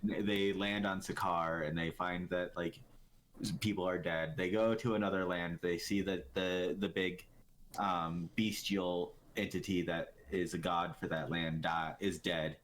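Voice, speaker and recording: A man's voice: sits low, steady tone, a little slow, fairly bright tone, a little hiss or hum. A man co-hosting a casual podcast chat, rambling with many fillers and restarts. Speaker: podcast co-host.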